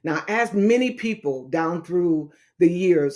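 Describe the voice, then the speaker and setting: A talk show host and author speaks to her audience about healing and her book, heartfelt and preacherly, calling listeners "baby" and "saints." She's slow yet animated, with a lowish, slightly mellow voice.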